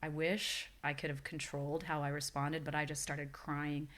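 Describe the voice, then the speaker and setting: A woman in her forties, appearing as a podcast guest, shares a personal story with earnest reflection. Her voice is low and fairly bright, with a level tone at a normal pace.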